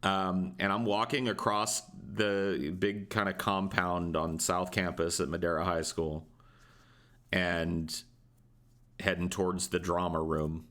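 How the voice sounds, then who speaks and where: Deep-voiced male podcast co-host, crude, rambling storyteller. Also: level tone, slow pace, bright, forceful tone. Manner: profane, rambling, laughs often. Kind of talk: casual storytelling.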